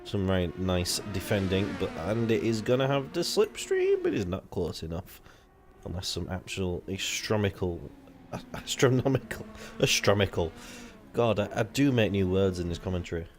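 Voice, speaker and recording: A man's voice: a little fast, hardly any pauses. A young man commentating an online racing league live, rambling and casual, swearing freely and jumping up when the action heats up. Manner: excitable, rambling, swears casually, jumps to high excited pitch.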